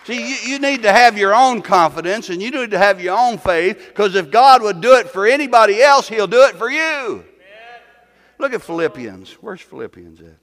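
High-voiced man preaching in a reverberant hall. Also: animated, moderate pace, a bit bright. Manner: folksy preaching with rhetorical questions and repeated words. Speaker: pastor. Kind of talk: sermon.

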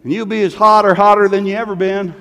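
Fervent preacher man, high-pitched. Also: steady tone, fast talker. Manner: fervent, rising to shouted peaks, folksy repeats of "man". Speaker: pastor. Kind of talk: sermon. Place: large church hall. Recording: long hall reverb.

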